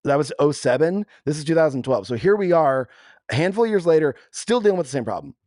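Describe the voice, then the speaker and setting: A man co-hosting a podcast, animated and chatty, telling stories with quick asides. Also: on the high side, dry recording, clean studio sound. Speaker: podcast co-host. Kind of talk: casual chat.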